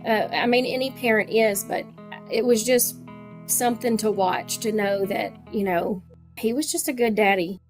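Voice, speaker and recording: A woman's voice: medium pitch, normal speed, faint music behind. A woman, a teacher and the victim's sister, recounting in a documentary interview how she heard the news. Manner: emotional, recounting a phone call.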